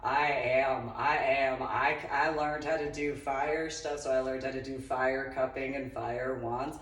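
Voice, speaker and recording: A woman's voice: rumbling low, little pitch movement, unhurried. A middle-aged woman hosting her own channel in a rambling personal monologue, sardonic and breaking into frequent laughter. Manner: sardonic, laughs often between remarks. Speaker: YouTube channel host. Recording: roomy echo, distant mic.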